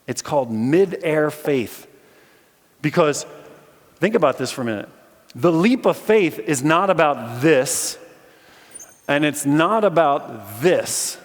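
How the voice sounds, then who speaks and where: Animated male preacher in an echoey hall. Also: a little high, slow, long pauses. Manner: lively storytelling, acts out voices in the story. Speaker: philosophy teacher giving a chapel message. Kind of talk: sermon. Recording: echoey hall with long reverb.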